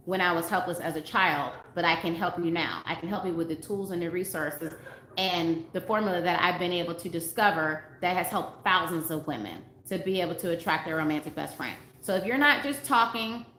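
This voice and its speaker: A woman's voice: lowish voice, fairly quick, pushed and bright. A woman dating coach talking casually to livestream viewers, earnest and emphatic, repeating her points and reading comments aloud. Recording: roomy with faint background noise.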